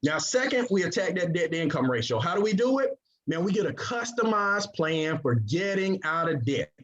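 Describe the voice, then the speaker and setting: Energetic high-voiced man presenting. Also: normal speed, slight background noise. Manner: energetic, call-and-response with audience. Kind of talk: motivational sales presentation. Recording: dull lo-fi recording.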